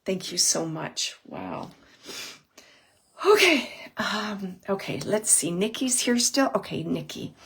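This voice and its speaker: A woman working as a psychic medium, giving a live reading in a soft, hesitant way, with many pauses, and repeating words as she relays messages. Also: mid-range voice, big pitch swings, creaky, husky. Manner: repeats words and phrases for emphasis. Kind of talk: live spirit reading for an audience member.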